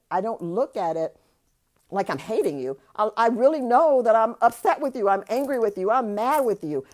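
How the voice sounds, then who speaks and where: A woman's voice: medium pitch, dark tone. Earnest woman life coach, repeating for emphasis. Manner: earnest, repetitive, restarts and repeats phrases for emphasis. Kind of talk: motivational coaching talk.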